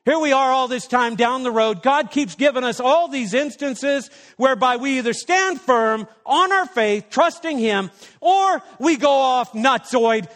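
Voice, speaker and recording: A man's voice: extremely high pitch, expressive, unhurried, fairly bright tone, in a large hall. A man preaching a sermon as a pastor, emphatic and firing rhetorical questions at the congregation.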